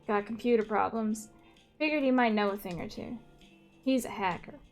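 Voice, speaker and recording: A woman voicing a sarcastic young adult female cat in a game, speaking in a dry, deadpan way. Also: a little high, normal speed, soft background music, natural voice.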